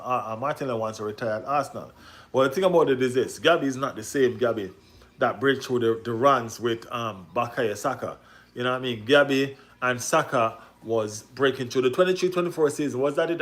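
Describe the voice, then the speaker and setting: A man hosting a football livestream, ranting excitably and repeating himself with rhetorical questions. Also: mid-range voice. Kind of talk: casual livestream rant.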